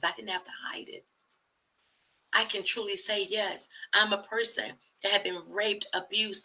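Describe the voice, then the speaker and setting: A woman host speaking earnestly and emphatically in a personal testimony vlog, often dropping to a soft hush. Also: on the low side, creaky, breathy edge, poor audio. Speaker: channel host.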